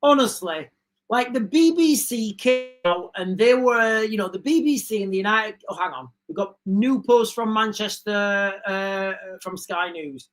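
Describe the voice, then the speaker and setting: Faint music plays behind a woman with a mid-range voice as she reads breaking news to her stream at a measured pace. Between items she gives her own opinions in chatty asides, speaking directly to viewers and frequently saying "guys." Her mic is a streaming setup.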